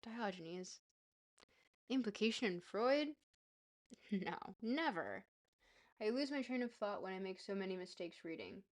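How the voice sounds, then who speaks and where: A woman's voice: medium pitch, big pitch swings, a little slow, pauses often. Woman streamer reading in a mock-British accent. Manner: reads in a playful put-on mock-British accent; casual, chatty and self-teasing between passages. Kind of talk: livestream reading aloud and chatting with viewers.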